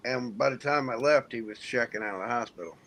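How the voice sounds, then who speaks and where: A middle-aged man from Indiana, a former soldier, tells a long story to friends in an easygoing, cuss-laden way. His voice sits at an ordinary middle pitch, and he drifts between plain narration and quick mimicry of other people. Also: creaky, a bit bright. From United States (Indiana). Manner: profane, laid-back storyteller who mimics others. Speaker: military veteran storyteller. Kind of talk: casual storytelling in a group hangout.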